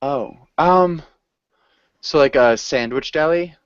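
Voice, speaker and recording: A man's voice: fairly high pitch, takes it slowly, smooth, no room sound, lo-fi sound. A man teaching an English class, patient and encouraging as he explains pronunciation. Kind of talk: online group language lesson.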